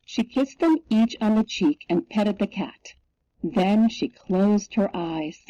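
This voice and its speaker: A woman reading a picture book aloud in a slow, expressive storytelling manner. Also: medium pitch, no echo. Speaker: storybook reader. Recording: dull lo-fi recording.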